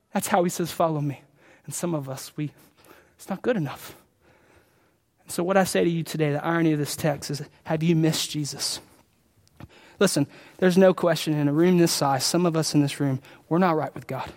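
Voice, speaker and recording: A man preaching a sermon as pastor, impassioned, rising to loud peaks and dropping to quiet pleas. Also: a little high. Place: large church sanctuary. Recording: long hall reverb.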